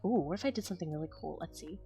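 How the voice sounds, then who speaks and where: A woman's voice: low-pitched, animated, racing, gravelly, warm tone, soft background music. A woman streaming her drawing, chatting casually and rambling to her viewers in a self-deprecating way. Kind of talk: casual chat while drawing.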